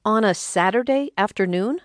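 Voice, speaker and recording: A woman performs a wry, sharp-tongued older mother, raising her voice in sarcastic exclamations with a curious mood. The character sits at a medium pitch, above the performer's natural voice but close to everyday speech, at a moderate pace, in a dry, clean studio recording.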